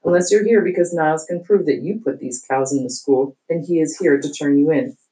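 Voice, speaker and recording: A woman's voice: low-pitched, brisk, lightly acted, poor audio. A woman reading aloud, voicing a flustered, blustering male school principal who insists nothing is wrong. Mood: exasperated. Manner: loud, insistent, denying the obvious.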